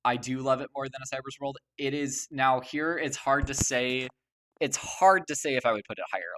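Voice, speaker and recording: A man's voice: mid-range voice, normal speed, fairly bright tone. A young man gushing over a soundtrack in casual commentary, stammering and restarting with many fillers. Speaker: video host ranking a game soundtrack.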